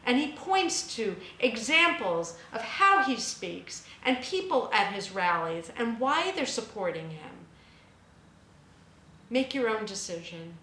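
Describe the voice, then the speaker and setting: A woman's voice: mid-range voice, sharp tone, roomy sound, a little hiss or hum, rough recording. A woman hosting a spiritual radio show, speaking in an emphatic, impassioned monologue that rises to fervent peaks. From United States.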